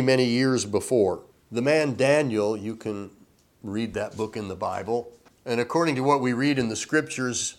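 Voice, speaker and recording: A man delivering a sermon at an unhurried, measured pace. His pitch sits in an ordinary middle range. He leans hard on key words with sudden lifts in loudness. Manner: slow, deliberate preaching with emphatic rises. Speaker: pastor.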